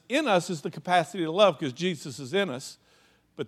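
A pastor with a somewhat high, expressive voice preaches a bit quickly in a conversational manner. He acts out stories from his own life, leaning on "you know" and dropping in laughing side comments.

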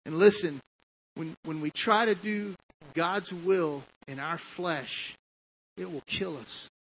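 Bright-voiced man preaching a testimony. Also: on the high side, slow, low-quality recording. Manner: conversational, story-driven preaching with asides. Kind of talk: testimony sermon.

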